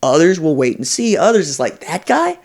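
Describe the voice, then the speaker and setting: A man in a casual sports podcast chat, telling recruiting stories with animated energy and slipping into quoted voices. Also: a little high, a little fast. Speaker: college football recruiting analyst.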